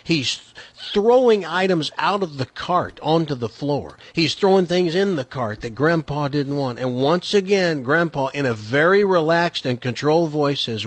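A man's voice: on the high side, very animated, no echo. Dry-voiced man telling a joke on air. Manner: chatty storyteller, quick questions. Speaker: radio show host. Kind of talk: radio banter and joke telling. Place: radio studio.

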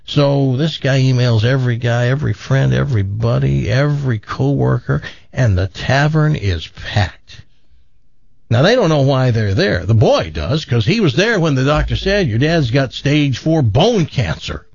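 Radio host, man, gravelly voice, dry and dull sound, slow storyteller. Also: medium pitch, animated, no echo. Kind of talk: telling a long joke.

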